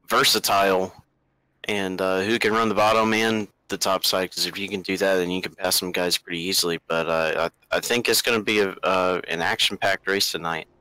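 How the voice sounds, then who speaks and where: A man's voice: sits low, sharp tone, clean tone, dry recording, low-quality recording. A man giving race analysis in a rambling, hesitant way, full of fillers. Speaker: racing analyst. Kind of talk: race commentary.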